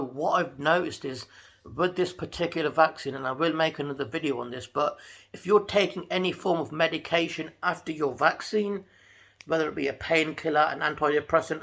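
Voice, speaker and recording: A man telling a chatty, animated story to camera from his home. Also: fairly high pitch, vocal fry. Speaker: vlogger. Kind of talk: casual talking-to-camera vlog.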